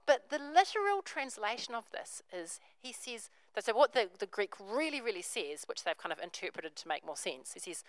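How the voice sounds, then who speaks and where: A woman's voice: mid-range voice, very animated, moderate pace, few pauses, no echo, rough recording. A woman, preaching a sermon, telling a story and acting out the characters' voices.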